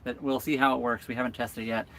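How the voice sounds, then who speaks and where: Fast-talking man chatting live from a boat. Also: mid-range voice, little pitch movement, bright, forceful tone. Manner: chatty, reads and answers comments. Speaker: boat vlog host. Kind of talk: live stream chat. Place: on a sailboat.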